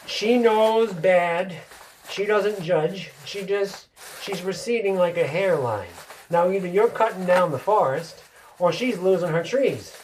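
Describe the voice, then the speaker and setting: A man's voice: high voice, a little slow, a little hiss or hum. A man in a rambling solo monologue, profane, who keeps stopping to ask himself why.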